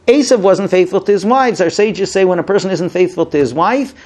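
A man teaching a Torah lesson, retelling the story in an animated way and voicing the people he quotes. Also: sits high, brisk. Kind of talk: sermon-style Bible storytelling.

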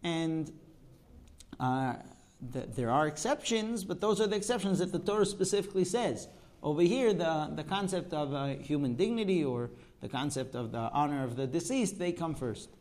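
A man's voice: a little high, expressive, moderate pace, a little mellow. A man teaching a Talmud class, explaining texts and asking rhetorical questions. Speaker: religious teacher.

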